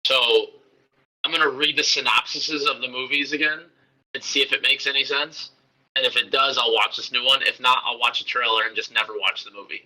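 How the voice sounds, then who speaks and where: A man with a very bright, mid-pitched voice chats easily on a podcast. He is relaxed and conversational. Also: brisk, poor audio. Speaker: podcast co-host. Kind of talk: casual chat.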